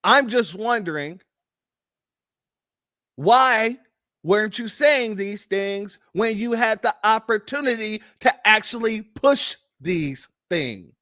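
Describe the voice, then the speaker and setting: A man's voice: high voice, expressive, slow, sharp tone, dry recording, studio quality. A man hosting political commentary, blunt and mocking, firing off rhetorical questions. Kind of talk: ranting commentary on news clips.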